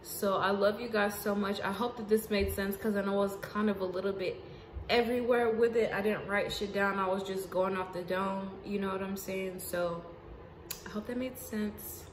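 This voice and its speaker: A woman giving an unscripted spiritual monologue to her viewers, casual and profane, swinging between emphatic outbursts and hushed asides. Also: mid-range voice, flat delivery, moderate pace. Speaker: spiritual vlogger. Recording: roomy echo with faint background noise.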